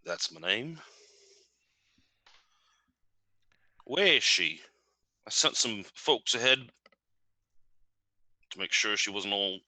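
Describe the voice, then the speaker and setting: A man playing a tabletop game, talking brashly and gruffly in character. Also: fairly low pitch, lively intonation, a little slow, pushed and bright, no echo. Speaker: player.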